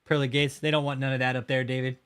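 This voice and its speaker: A man's voice: medium pitch, flat delivery, fast talker, fairly bright tone, clean tone. A man hosting a livestream, talking casually and heatedly, swearing often and mocking his target while reacting to chat. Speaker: livestream host.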